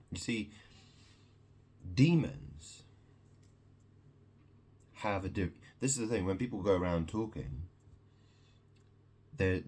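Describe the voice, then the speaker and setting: Husky deep-voiced man rambling slowly. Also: darkish tone. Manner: rambling, repetitive, profane, keeps checking in with "yeah?". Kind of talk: rambling solo monologue.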